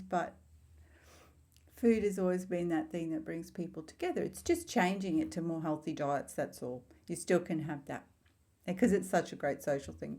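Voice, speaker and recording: A middle-aged woman talking casually to camera as a spiritual vlogger, telling stories in a heartfelt, rambling way with warm asides. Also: fairly low pitch.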